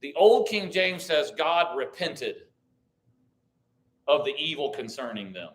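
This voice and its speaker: A man's voice: on the high side, expressive, takes it slowly, fairly bright tone. A man teaching a church Bible class, thinking aloud with restarts, reading verses and asking the group questions. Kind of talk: conversational Bible study teaching.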